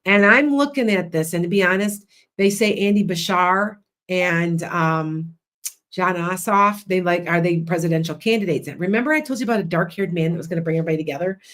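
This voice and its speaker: Talking a little fast in a lowish voice, this woman runs a livestream where she plays psychic and hypnotist. She chats loudly, rambles, and keeps restarting.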